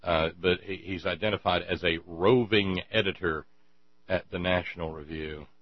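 A man's voice: sits low, fairly even intonation, moderate pace, no echo. A man hosting a political commentary monologue, sarcastic and given to stammering restarts, on a dull lo-fi mic with mains hum. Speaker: show host.

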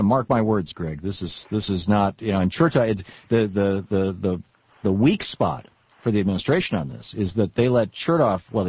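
A man hosting a political talk radio show, animated and stammering with frequent restarts. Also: medium pitch, slightly rough, no echo. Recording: dull radio broadcast sound.

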